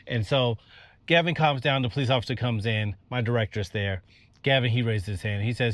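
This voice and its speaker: A man telling comedic stories about his days as a pre-K teacher, with stammered restarts and sudden high-pitched outbursts when flustered. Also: a little fast, no room sound. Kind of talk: storytelling comedy with acted-out quotes.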